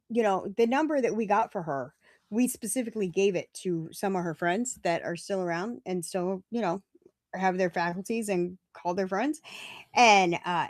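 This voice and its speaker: A woman's voice: on the high side, no echo, studio quality. A middle-aged woman, hosting a recovery meeting from home and chatting casually and digressively with her viewers. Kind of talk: casual livestream talk. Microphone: webcam or phone camera.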